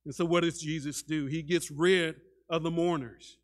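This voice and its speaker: A man preaching a sermon as a pastor, dramatic, shifting between loud and hushed delivery and often repeating words as he starts a sentence. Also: on the high side, steady tone, normal speed. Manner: dramatic, acts out quoted voices, swings between loud and hushed.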